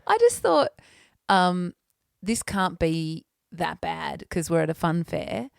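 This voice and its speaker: A woman co-hosting a podcast, telling an animated story in casual chat and laughing often. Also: fairly low pitch, slow pace, gravelly, clear, resonant tone, no room sound, clean studio sound. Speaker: podcast co-host.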